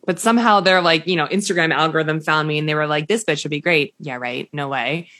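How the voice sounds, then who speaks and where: A woman hosting a podcast in casual chat, brash and quick to swear, acting out what others said. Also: sits low, pushed and bright. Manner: brash, swears freely, acts out quotes. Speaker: podcast host.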